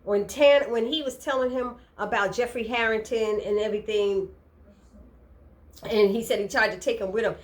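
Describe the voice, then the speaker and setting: A woman recapping a TV episode in casual chat, animated and retelling the dialogue. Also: on the high side, normal speed.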